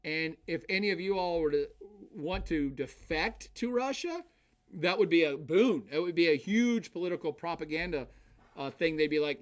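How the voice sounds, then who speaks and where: A man giving a casual livestreamed lecture, answering chat with lively, conversational asides and frequent restarts. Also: fairly high pitch, moderate pace. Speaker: lecturer and streamer.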